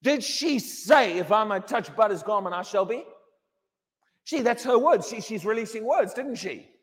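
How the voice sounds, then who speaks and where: In a church hall with long reverb, an English pastor delivers an emphatic sermon at normal speed in a husky voice with lively intonation. He tends to repeat his words and imitates a wailing believer in a high, mocking voice.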